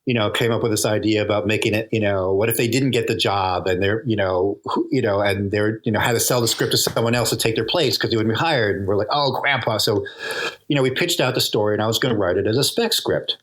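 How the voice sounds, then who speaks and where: A man's voice: on the low side, fast talker, a bit bright. An older man, a TV comedy writer, telling stories in a casual interview, chatty and laughing often. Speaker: guest, TV comedy writer and producer.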